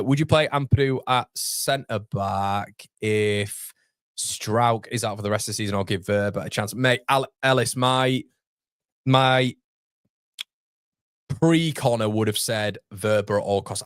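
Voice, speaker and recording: A man's voice: lowish voice, moderate pace, dry recording, clean studio sound. A young man, hosting a casual livestream and chatting through viewer comments with self-deprecating asides. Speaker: host. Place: home streaming studio.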